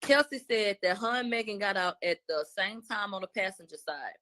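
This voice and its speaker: Woman commentator, casual animated recap, slangy and loose. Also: mid-range voice, normal speed. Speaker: commentator recapping court testimony.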